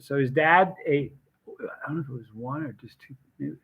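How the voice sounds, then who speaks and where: A man hosting a casual live stream, telling animated stories with restarts and acted quotes. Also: fairly high pitch, fairly quick, breathy edge, dull audio. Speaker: hot sauce seller and channel host.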